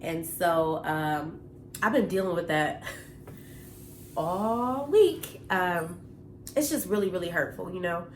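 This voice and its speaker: A woman's voice: fairly low pitch, a little slow, slight background noise. A young woman talking earnestly and from the heart in a personal vlog, with many fillers like "um" and "you know.". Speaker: vlogger. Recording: echoey room.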